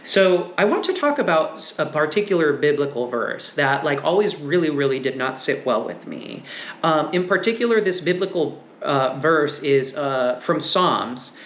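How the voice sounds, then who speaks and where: Guy doing a tarot reading, kinda high voice, rambly and thinking out loud, roomy echo. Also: animated, moderate pace. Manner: musing, meandering, frequent fillers. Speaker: tarot reader. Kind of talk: casual tarot reading and discussion. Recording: echoey room with faint noise.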